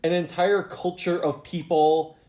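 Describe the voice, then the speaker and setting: A man's voice: on the high side, level tone, a little mellow. A man giving a casual solo TV review, rambling and sarcastic, second-guessing himself and slipping into mocking character voices. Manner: rambling, sarcastic, self-questioning; mimics characters in quick put-on voices.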